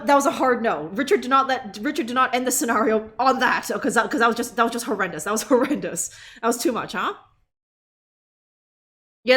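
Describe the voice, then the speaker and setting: A woman's voice: on the high side, fairly bright tone. Sarcastic, laughing woman streamer. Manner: laughing often, sarcastic, swearing, tag questions like "huh?". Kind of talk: live gameplay commentary.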